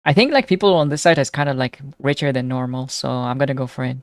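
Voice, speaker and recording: A woman's voice: extremely low pitch, fast, no echo. Chatty young woman streamer, dry close sound. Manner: chatty, reads chat aloud and answers it, excitable. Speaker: live streamer. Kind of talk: casual chat reacting to viewers.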